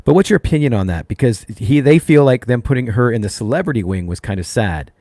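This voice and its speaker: A man's voice: medium pitch, expressive, quick pace, warm tone, dry recording, clean studio sound. A man hosting a casual interview, reading out fan questions and reacting eagerly. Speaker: interviewer host.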